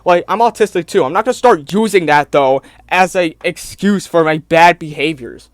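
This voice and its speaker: A man with a high voice delivers an exasperated commentary rant, packed with "like" and "bro". The sound is dry and close, with no room echo. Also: moderate pace. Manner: exasperated, fills talk with "like" and "bro". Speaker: YouTube commentator.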